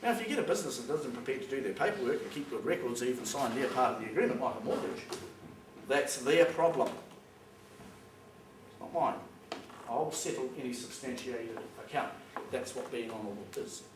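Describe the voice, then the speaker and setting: Speaking fairly quickly in an expressive, medium-pitched voice, a man with a New Zealand accent gives an emphatic, plain-spoken public talk in a school hall, acting out phone calls. The recording is echoey and distant, with noise in the background.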